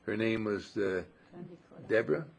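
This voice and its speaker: Older male inspirational speaker, gravelly and warmly effusive, with big pitch swings on emphasis. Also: lively intonation, a little slow. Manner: effusive and affectionate, swoops up on emphasis. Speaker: spiritual speaker. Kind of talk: inspirational talk to a gathering.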